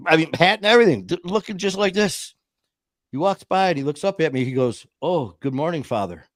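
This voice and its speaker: A man's voice: high-pitched, expressive, a little fast, a bit bright, dry recording, clean studio sound. A man in his fifties telling stories in a casual, rambling way, acting out quoted voices and often restarting his sentences. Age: 50s. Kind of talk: casual storytelling chat.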